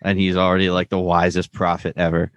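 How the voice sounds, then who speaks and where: Low-voiced male co-host, relaxed recap talker, dry close mic. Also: fairly quick, no echo, muffled recording. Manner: relaxed, retells scenes with loose paraphrased quotes. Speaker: podcast co-host recapping a TV episode. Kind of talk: casual chat.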